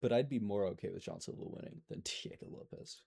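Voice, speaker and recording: A young man talks through a fight card in a loose, rambling way, swearing freely and cutting himself off mid-sentence. His voice sits fairly low. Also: fairly quick, gravelly, darkish tone, breathy edge. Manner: profane, rambling, self-interrupting. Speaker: MMA commentary YouTuber. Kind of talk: casual fight recap monologue.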